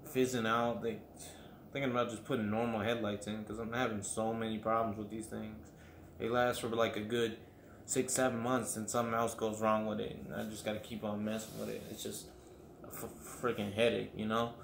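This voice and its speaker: A man's voice: fairly low pitch, little pitch movement, normal speed, vocal fry, a bit bright. A man hosting a casual solo podcast. He rambles and swears freely, filling his talk with "like" and "you know.". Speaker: podcast host. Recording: echoey room with faint background noise.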